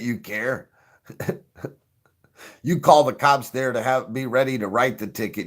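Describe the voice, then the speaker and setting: A middle-aged man hosting a show, chatting casually, swearing freely and laughing often as he rambles. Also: medium pitch. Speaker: show host. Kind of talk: casual joking chat.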